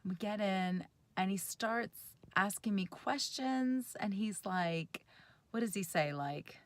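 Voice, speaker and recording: A woman in her thirties vlogging from inside a parked car, telling a story in an animated, giggly, chatty way. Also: mid-range voice, slow pace, no room sound. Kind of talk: casual storytelling to camera.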